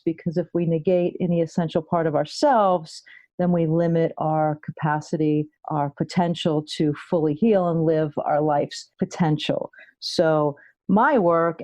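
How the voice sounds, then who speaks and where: Middle-aged woman, podcast monologue, slow and deliberate, mellow low voice, dry sound. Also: no echo. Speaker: guest host, health psychology coach.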